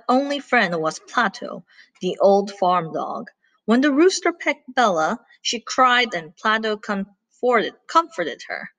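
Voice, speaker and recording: A woman reads a children's picture book aloud, animated and engaging, pausing to ask her young listeners what will happen next. Her voice is lively and rather high, recorded close with little room sound. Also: no room sound. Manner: animated, asks listeners questions. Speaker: storyteller. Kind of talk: children's story read-aloud.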